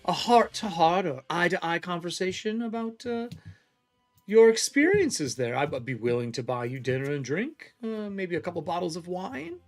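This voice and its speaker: A man's voice: high voice, very animated, normal speed, soft background music. Man doing a secretive old historian. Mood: probing. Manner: polite but guarded, presses with questions.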